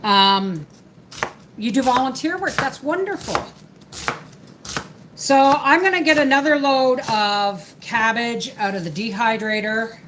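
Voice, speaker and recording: A middle-aged woman runs a homestead live stream, rambling casually as she works and responds to viewers. Her medium-pitched voice has a fairly bright tone, and the poor recording carries a little hiss or hum.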